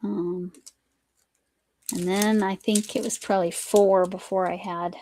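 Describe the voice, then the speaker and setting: A US woman chats casually during her craft live stream, rambling as she crafts and often cutting herself off mid-sentence. Her medium-pitched voice is warm and unhurried with little pitch movement, and there's slight hiss or hum.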